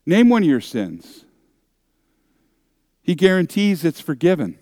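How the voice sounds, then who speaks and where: A man's voice: fairly high pitch, very animated, unhurried, pauses often, mellow, dry recording, studio quality. A male pastor preaching a sermon, acting out the voices of objectors and accusers with dramatic shifts.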